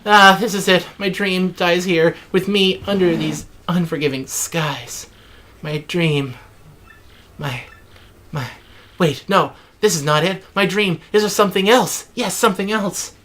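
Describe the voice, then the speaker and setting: A man's voice: sits high, fairly even intonation, unhurried, pushed and bright, a little hiss or hum. A man hosting a let's play, reading in-game text with mock drama and joking asides.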